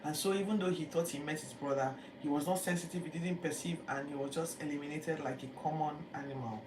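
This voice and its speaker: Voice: mid-range voice, fast. Chatty teacher, echoey room. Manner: lively storytelling with acted quotes, chatty fillers. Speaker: Bible teacher. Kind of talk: casual Bible-reading commentary. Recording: echoey room, distant mic, background noise.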